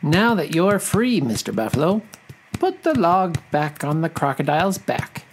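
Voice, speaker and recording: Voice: mid-range voice, big pitch swings, a little slow, slight background noise, voice pushed up. A narrator playing a sly little mouse deer. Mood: challenging. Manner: sly and knowing. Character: clever small male mouse deer trickster.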